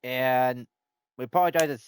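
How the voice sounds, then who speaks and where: A man's voice: mid-range voice, moderate pace, clean tone. A man streaming a game live, rambling and thinking aloud as he plays. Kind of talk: live gameplay commentary.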